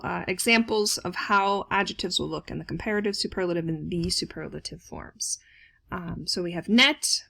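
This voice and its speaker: Gravelly-voiced woman teaching German grammar. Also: medium pitch, a bit bright. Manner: explains step by step, with frequent "uh" fillers and careful German examples. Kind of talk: recorded grammar lesson.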